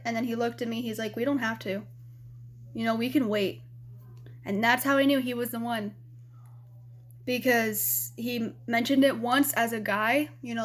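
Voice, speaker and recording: Young woman vlogger from Arizona, fairly high voice, frank, rambling, cusses a lot. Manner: rambling, frank, swears freely, many "you know"s. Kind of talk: casual storytelling to camera.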